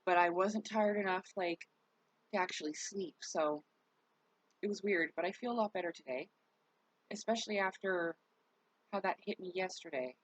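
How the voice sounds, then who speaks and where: A woman's voice: lowish voice, normal speed, long pauses, no echo, low-quality recording. A worn-out woman talking candidly to her viewers in a rambling, casual vlog, cursing now and then. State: worn out, recovering. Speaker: vlogger.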